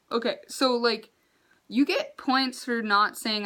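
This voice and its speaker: A woman's voice: a little high, expressive, measured pace, a bit bright, rough recording. A young woman, a university student, telling a storytime vlog in an exasperated, ranting way with sarcastic asides. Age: young adult.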